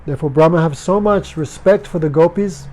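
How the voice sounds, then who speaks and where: A man's voice: on the high side, fairly quick, a little mellow. A man teaching a devotional class, speaking simple, broken English and chanting verses. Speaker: spiritual teacher.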